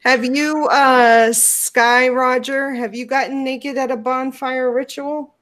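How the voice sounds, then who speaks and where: A woman from the United States hosting a casual question-and-answer chat, rambling and relaxed. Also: high-pitched, slow. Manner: rambling, lots of fillers, relaxed. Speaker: host.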